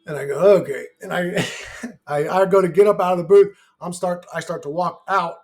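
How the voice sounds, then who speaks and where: A man's voice: high-pitched, moderate pace, a little mellow. A man telling a rambling personal story to camera in a brash, profane way. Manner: brash, heavy swearing, rambling. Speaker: YouTuber. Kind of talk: casual storytelling.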